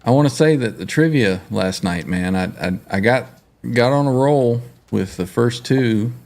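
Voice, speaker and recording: A man's voice: medium pitch, animated, normal speed, darkish tone. A man hosting a casual livestream, greeting viewers and reading their comments aloud with frequent laughs. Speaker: livestream host.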